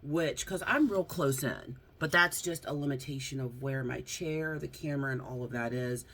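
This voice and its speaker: A woman's voice: extremely low pitch, normal speed, fairly bright tone. Chatty, rambling woman vlogger. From United States. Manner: rambling, chatty, frequent laughs and fillers. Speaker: YouTuber. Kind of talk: casual vlog chat. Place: at home, seated close to camera. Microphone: phone front camera.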